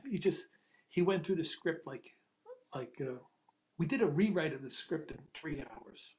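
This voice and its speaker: Middle-aged male screenwriter, slightly high voice, animated anecdote teller who acts out quotes and swears freely. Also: unhurried. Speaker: screenwriter and ghostwriter telling his story.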